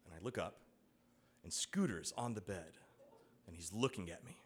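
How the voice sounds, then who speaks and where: A low-pitched man at normal speed tells a personal anecdote to an audience, animatedly acting out the voices of the people in his story.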